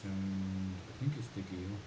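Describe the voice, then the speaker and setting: A man's voice: low-pitched, steady tone, moderate pace. A man hosting a livestream from his home, chatting casually and thinking aloud between songs. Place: home in the mountains. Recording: roomy, distant mic, faint hiss.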